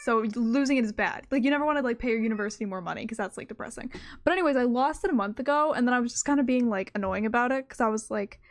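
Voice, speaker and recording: A woman's voice: a little high, racing. A young woman chatting casually on her stream from her room, rambling and cutting herself off, with "like" in nearly every sentence. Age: young adult. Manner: rambling, self-interrupting, full of "like". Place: her own room at home.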